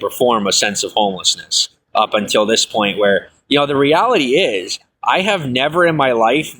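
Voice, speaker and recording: A man in his thirties casually recounts his life story to a livestream audience. He rambles with fillers and self-corrections, laughs things off, and his pitch jumps up when he gets excited.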